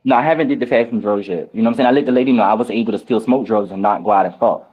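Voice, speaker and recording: A man on a reality show after-show, telling candid stories in casual chat, animated and profane, with big swings in his voice. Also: lowish voice, rapid-fire, slightly rough, narrow, tinny audio. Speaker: reality show cast member.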